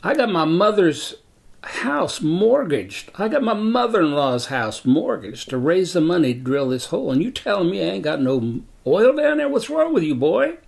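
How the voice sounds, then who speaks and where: An older man voicing a pushy, angry male oil lease holder who badgers and shouts. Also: on the high side, lively intonation, brisk, creaky, few pauses, voice pushed up. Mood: furious.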